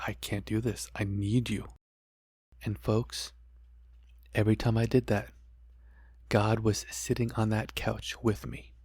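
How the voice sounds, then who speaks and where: Preaching to his audience with repeated phrases, a middle-aged man hosting a podcast earnestly recounts a personal testimony. He has a fairly low, darkish voice, captured in a studio-quality recording with no room sound.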